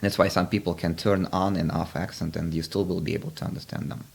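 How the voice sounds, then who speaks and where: A man's voice: sits low, flat delivery, fast, creaky, breathy edge. A man hosting a podcast interview, explaining ideas in a reflective, casual way with frequent restarts. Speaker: podcast host.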